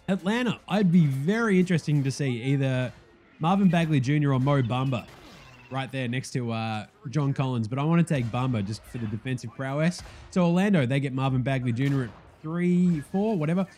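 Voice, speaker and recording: A young man hosting a casual sports podcast, excitable and profane, joking and swinging between loud outbursts and quieter asides. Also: medium pitch, a little hiss or hum. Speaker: podcast host.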